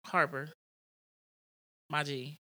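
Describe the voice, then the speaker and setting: Young female co-host, low-ish and bright, frank and reflective. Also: fairly even intonation, very slow. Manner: reflective, frank, laughing asides. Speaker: podcast co-host. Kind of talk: casual podcast chat.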